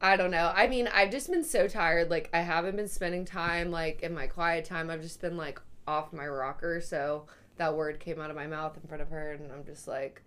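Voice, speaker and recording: A woman's voice: low-pitched, fairly even intonation, normal speed, fairly bright tone. A young pregnant woman in casual chat, telling a long story with plenty of "like" fillers. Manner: rambling, filler-heavy storytelling.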